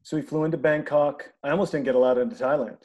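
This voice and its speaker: A man in casual conversation, telling an animated anecdote and acting out the people in it. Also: fairly high pitch, fast talker. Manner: animated anecdote teller, acts out quoted people. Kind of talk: casual storytelling chat.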